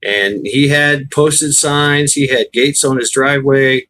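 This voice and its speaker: A man's voice: medium pitch, steady tone, slow, sharp tone. A man hosting a casual livestream chat, rambling and swearing freely, often laughing as he talks. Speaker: livestream host.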